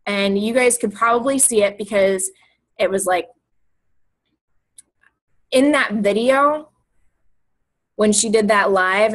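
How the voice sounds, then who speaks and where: A woman's voice: mid-range voice, rough recording. A young woman coach talking casually and emotionally, rambling and repeating herself. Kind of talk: casual motivational talk.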